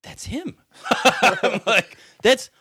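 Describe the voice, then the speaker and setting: A man's voice: very high voice, drawn-out words, slightly rough, no room sound, studio quality. A man telling funny stories in a casual podcast chat, laughing often and acting out what people said. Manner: animated, laughs often, acts out quotes.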